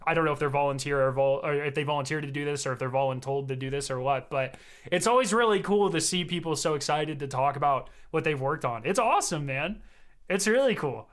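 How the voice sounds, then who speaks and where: A man streaming, giving casual, excitable and rambling commentary, swearing freely. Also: fairly high pitch, quick pace. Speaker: streamer reacting to a developer stream.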